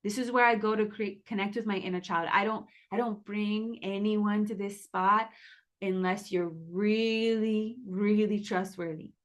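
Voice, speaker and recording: A woman's voice: mid-range voice, fairly even intonation, a little slow. Earnest woman sharing a spiritual story. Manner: earnest, emotional, many "like"s and restarts. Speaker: ceremonial cacao brand founder. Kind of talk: casual spiritual sharing to an online community. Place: hotel room.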